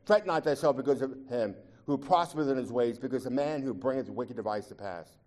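A man preaching a sermon, shifting from quiet, confiding talk to loud, impassioned pleading, often repeating words as he restarts. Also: medium pitch, a little fast. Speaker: pastor.

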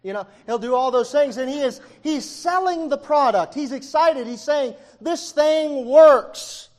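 A man with a notably high voice delivers a sermon. His fervour swings from quiet, close passages to ringing near-shouts. He leans on "uh" as he moves from one phrase to the next. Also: normal speed. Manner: frequent "uh" fillers. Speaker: preacher.

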